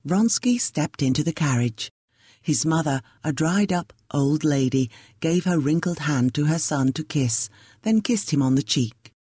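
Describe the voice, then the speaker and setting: A woman narrating a classic novel as an audiobook, measured and even. Her voice is low and slightly husky, and the recording is close and dry with no room sound. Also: dry recording.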